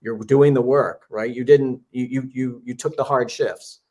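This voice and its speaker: A man's voice: mid-range voice, steady tone, moderate pace, darkish tone. A man hosting a podcast interview who draws out motivational lessons in an encouraging way. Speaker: podcast host. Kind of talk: interview conversation.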